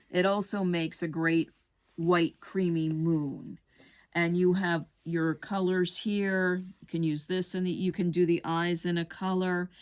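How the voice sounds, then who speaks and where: A middle-aged woman teaching rug hooking, walking through each step in a practical, unhurried way. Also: lowish voice. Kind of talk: craft tutorial demonstration.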